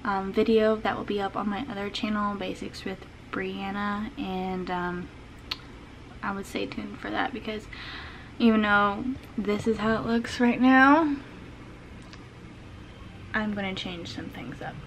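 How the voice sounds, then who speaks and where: A woman's voice: medium pitch, fairly even intonation, a little slow, pauses often, fairly bright tone, slight background noise, rough recording. A woman vlogging her morning at home as a homeschool mom, chatting casually and laughing often, talking sweetly to her small son. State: out of breath. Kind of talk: casual vlog chat. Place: home kitchen, indoors.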